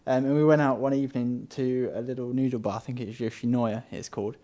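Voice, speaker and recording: A games journalist telling a rambling, self-deprecating travel story in casual podcast chat. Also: male voice, medium pitch, steady tone, fast, dark tone.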